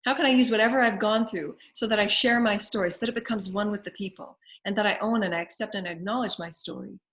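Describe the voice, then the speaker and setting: Southern lady spiritual healer, repeats her affirmations over and over like a chant, mid pitch. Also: fast talker, a bit bright. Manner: repetitive, incantatory phrasing. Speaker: spiritual healer hosting a live show. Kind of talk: guided spiritual affirmations and prayer.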